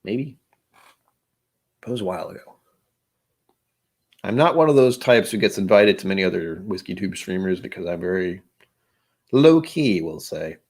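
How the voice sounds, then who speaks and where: A man's voice: sits low, expressive, normal speed, pauses often, a little mellow. A man hosting a casual livestream who rambles in a self-deprecating way and often restarts his sentences. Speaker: host of a whisky livestream.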